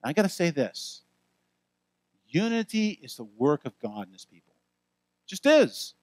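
A male pastor preaching a sermon in a lively, conversational way with frequent asides to the congregation. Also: a little high, normal speed, no room sound. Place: church.

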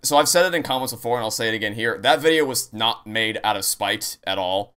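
Guy talking real fast on a call, kinda low voice but bright and clear, keeps restarting his sentences. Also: expressive. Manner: hesitant, repeats words, explains at length. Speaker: channel host. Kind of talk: casual chat on a call.

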